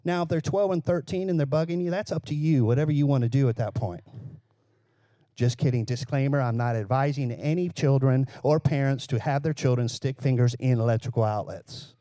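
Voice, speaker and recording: A man's voice: mid-range voice, brisk, warm tone, no echo. A male pastor preaching a conversational sermon, asking the congregation questions and joking now and then.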